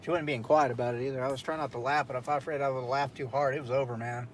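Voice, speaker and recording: A man's voice: mid-range voice, fairly even intonation, racing, slight background noise. Laid-back, foul-mouthed storytelling man. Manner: loose, profane storytelling with frequent laughs. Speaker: streamer host. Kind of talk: casual late-night chat.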